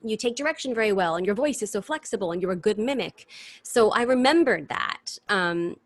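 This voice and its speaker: A woman in her thirties talks over a video call, easy and chatty, spilling out stories with lively energy. Her voice sits mid-range and sounds close and dry, with no room around it. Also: medium pitch, fairly quick, no room sound. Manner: chatty, animated storyteller. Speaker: guest performer. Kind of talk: casual interview chat.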